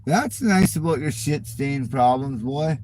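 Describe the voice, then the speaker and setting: A man's voice: medium pitch, lively intonation, unhurried, noisy background. A middle-aged man hosting his channel, ranting in a casual, profane and mocking way at viewer comments. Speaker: channel host.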